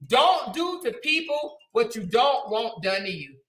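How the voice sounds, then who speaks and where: Emphatic bright-voiced woman livestream host. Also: on the high side, big pitch swings, a little slow, faint music behind. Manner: emphatic, repeats phrases, preachy then affectionate. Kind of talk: casual livestream chat reading super chats.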